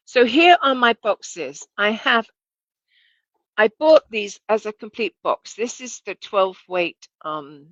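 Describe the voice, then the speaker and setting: A woman's voice: medium pitch, fairly bright tone, no echo, highs cut off. A woman giving a casual, chatty demonstration lesson as a sewing instructor, correcting herself and asking viewers to look.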